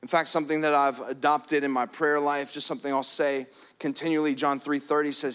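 A man preaching a sermon, shifting between quiet prayerful passages and loud emphatic stretches. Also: medium pitch, level tone, fairly quick, few pauses. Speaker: pastor.

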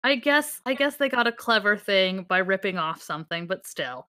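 A woman's voice: mid-range voice, animated, moderate pace, bright, forceful tone. A woman co-hosting a podcast in casual chat, enthusiastic and rambling, laughing often. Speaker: podcast co-host.

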